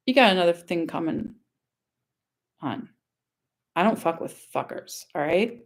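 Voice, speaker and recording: A woman's voice: on the low side, animated, unhurried, long pauses. A woman from Louisiana reading screenshots aloud in a casual vlog, blunt, sarcastic and profane. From Louisiana, USA. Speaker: online commentator.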